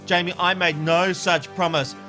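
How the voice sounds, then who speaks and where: An Australian man with a high-pitched voice hosts a casual panel chat. He reads viewer feedback in a playful way, often laughing and restarting lines. Music plays clearly behind him. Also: level tone, moderate pace, pushed and bright. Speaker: co-host reading viewer feedback.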